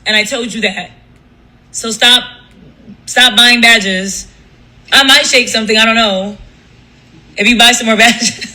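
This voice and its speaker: A man's voice: extremely high pitch, steady tone, measured pace, pauses often, sharp tone, poor audio. A man hosting a livestream, ranting casually in a blunt, profane, gossipy way. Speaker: livestream host.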